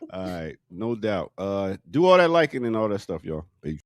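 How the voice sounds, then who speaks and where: A man's voice: fairly low pitch, very animated, moderate pace, smooth, no room sound, clean studio sound. A man co-hosting a morning talk show, talking in a loose half-sung rhythm. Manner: half-sung, rhythmic outro shout-outs. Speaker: radio show co-host. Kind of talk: casual morning-show talk over a beat. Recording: loud hip hop music behind.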